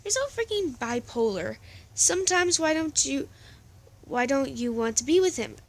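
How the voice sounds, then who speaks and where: A woman's voice: on the high side, steady tone, unhurried, rough recording. A woman reading a story aloud, voicing a blunt young man who lectures his upset friend. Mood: exasperated. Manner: exasperated, lecturing.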